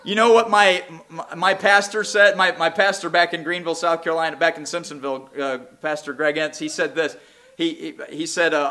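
A man preaching a sermon, swinging between impassioned near-shouts and low, quiet asides. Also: fairly even intonation, brisk.

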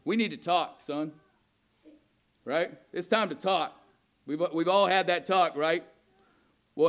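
Male pastor, high voice, sermon delivery with congregation asides and scripture reading. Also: clear, resonant tone. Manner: grows loud and heated when voicing God's anger.

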